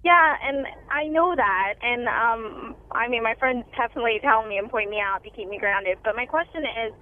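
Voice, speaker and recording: A woman in her twenties from Iowa calls in to a radio advice show. She rambles casually, fills her talk with "like" and laughs at herself. She comes through a thin, tinny phone line and sits a touch high in pitch. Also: moderate pace. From Iowa, USA. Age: 20s. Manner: chatty, lots of "like", laughing at herself. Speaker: caller.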